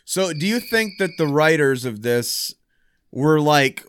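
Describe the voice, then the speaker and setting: A man's voice: mid-range voice, unhurried, a bit bright, clean tone, dry recording, studio quality. A man in casual, profane, joking chat about horror films, musing at length.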